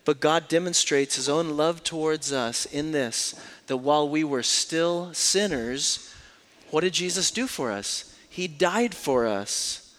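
A man preaching a sermon as a pastor, swinging between hushed, slow lines and loud, raised passages. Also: fairly high pitch.

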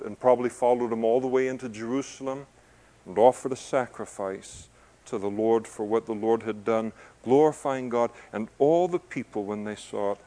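A man preaching a conversational sermon, joking in asides, building to loud emphasis and then easing down soft. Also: mid-range voice. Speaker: pastor. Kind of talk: expository sermon to a congregation.

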